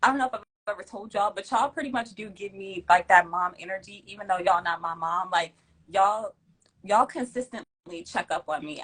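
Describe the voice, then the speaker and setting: A young woman hosting a casual livestream, giving emphatic, slangy shout-outs and thanks to her viewers. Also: mid-range voice, slightly rough, rough recording. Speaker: livestream host.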